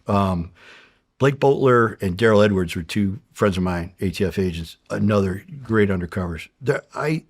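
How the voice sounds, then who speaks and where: A man's voice: lowish voice, dry recording, clean studio sound. A middle-aged American man, a former undercover agent, telling stories casually in an interview, swearing freely and acting out the dialogue. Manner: profane, animated storyteller acting out dialogue.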